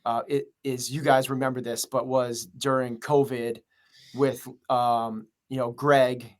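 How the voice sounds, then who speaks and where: A man's voice: mid-range voice, flat delivery, unhurried. A man who runs a gym, speaking as a podcast interview guest in an earnest, rambling way full of fillers. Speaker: gym owner and coach.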